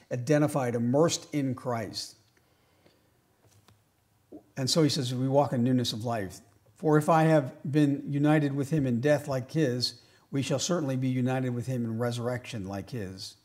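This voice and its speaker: Emphatic man preaching a sermon. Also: medium pitch. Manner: swings between loud emphatic lines and quiet asides; slows right down on key phrases. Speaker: pastor.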